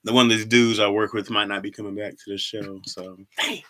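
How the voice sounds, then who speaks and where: A man's voice: lowish voice, flat delivery, brisk, pushed and bright, a little hiss or hum. A man who does comedy, chatting casually on a live stream, reading comments aloud and laughing often.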